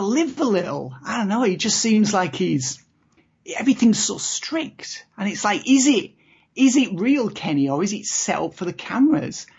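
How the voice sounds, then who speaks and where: A woman's voice: medium pitch, breathy edge. A woman co-hosting a podcast, chatting casually and rambling, with many "you know"s. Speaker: podcast co-host. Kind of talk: casual chat about reality TV. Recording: dull lo-fi podcast audio.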